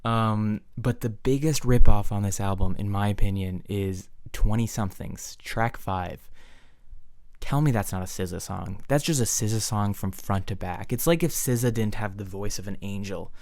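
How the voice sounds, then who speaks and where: A man's voice: on the low side, moderate pace, darkish tone, no room sound, studio quality. A man giving a sarcastic, blunt rant reviewing an album, with many fillers. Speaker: music reviewer. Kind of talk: casual rant.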